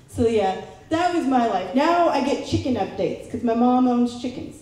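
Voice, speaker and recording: A young female stand-up comic from Southern California keeps things chatty and playful at a live show, impersonating family members. Her mellow voice is on the high side with lively intonation, normal speed, and hardly any pauses; the large room sounds very echoey, with faint noise behind her.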